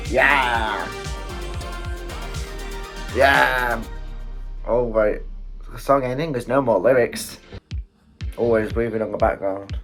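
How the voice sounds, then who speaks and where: A man with a British accent hosting a casual music reaction and exclaiming often as he listens. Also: lowish voice. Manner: excitable, quick exclamations and chuckles. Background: faint music playing.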